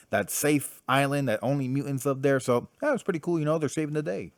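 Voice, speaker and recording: A young man giving a casual spoken comic book review, blunt and animated, swearing freely and full of fillers. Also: a little high, dry recording, studio quality.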